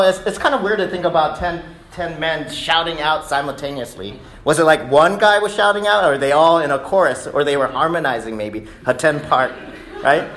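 Male preacher, a bit high-pitched, conversational sermon delivery, reverberant room sound. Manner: conversational, keeps asking "right?"; rises loud and high acting out cries of prayer. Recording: echoey room.

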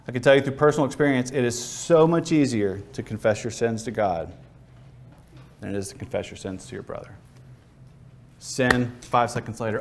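A man's voice: medium pitch, normal speed, pauses often. A man preaching a sermon who tells Bible ideas as vivid, acted-out stories. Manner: vivid storytelling, acts out scenes.

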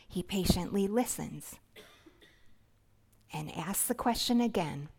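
A woman preaching a sermon, gentle, earnest and reflective, with soft hushed passages. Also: mid-range voice.

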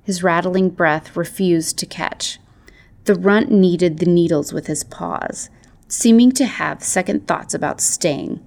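A woman narrating a storybook tale in a measured, soft-spoken way. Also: lowish voice, creaky.

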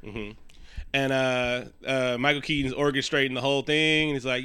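A man in casual podcast chat, retelling a movie in a lively, profane way and acting out characters' lines. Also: a little high, normal speed, smooth. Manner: animated, profane retelling with quoted character lines and frequent laughs. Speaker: podcast co-host.

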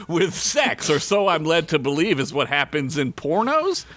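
A man's voice: fairly high pitch, huge pitch swings, moderate pace, few pauses, bright, forceful tone, a little hiss or hum. A man hosting a comedy podcast, reading his own silly adventure story aloud with jokey asides and frequent laughter. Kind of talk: comic story reading with banter.

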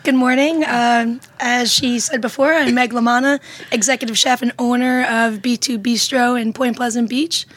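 A woman chef, a guest on a podcast, speaking politely with a raspy, slightly hoarse voice. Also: fairly high pitch, fairly even intonation, moderate pace, a bit bright. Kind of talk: podcast interview conversation.

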